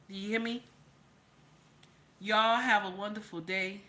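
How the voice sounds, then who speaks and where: A woman's voice: medium pitch, fairly even intonation, unhurried, sharp tone. A woman hosting a live vlog, speaking emphatically and repeating herself, tearful after crying. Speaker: channel host. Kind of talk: live-stream reaction vlog.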